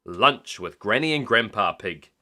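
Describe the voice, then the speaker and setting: A man's voice: on the low side, expressive, measured pace, pushed and bright, full character voice. A man voicing a cheerful, fun-loving father pig in a storybook reading, jolly and showy.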